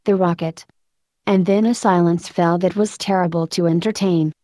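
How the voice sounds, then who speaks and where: Woman reading an audiobook, low warm voice, dry close sound. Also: dry recording. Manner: measured, expressive storytelling. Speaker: narrator. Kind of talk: audiobook narration.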